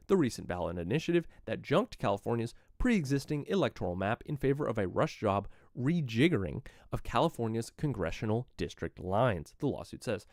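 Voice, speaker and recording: A man's voice: medium pitch, a little mellow, dry recording, clean studio sound. A man live-streaming political commentary, reading news items aloud and breaking into profane, mocking rants.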